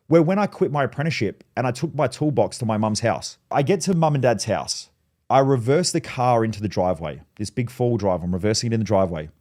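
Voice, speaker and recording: Male mindset coach, mid-pitched voice, blunt, profane, driving motivational delivery. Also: darkish tone. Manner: blunt, swearing, fired-up storytelling. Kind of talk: motivational monologue.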